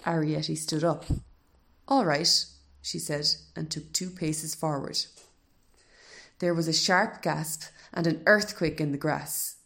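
A woman narrating a children's story in a measured, scripted reading. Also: low voice, steady tone, gravelly.

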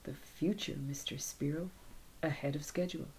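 A woman voicing a composed young male genius who speaks in a brisk, matter-of-fact way. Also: deep voice, steady tone, a little mellow, a little hiss or hum, natural voice.

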